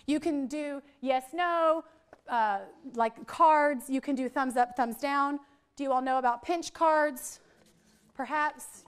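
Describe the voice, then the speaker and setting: A high-voiced woman runs a live workshop for teachers. She keeps it playful and jokes with the crowd in front of her. She also stretches out single speech sounds to demonstrate them. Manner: playful, joking with the audience, drawing out sounds. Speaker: literacy trainer presenting to teachers. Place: training room with a live audience.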